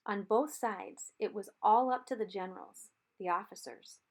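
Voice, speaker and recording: In an audiobook reading, a woman reads a novel chapter aloud. Her voice is at a typical middle pitch, and her delivery stays steady and measured.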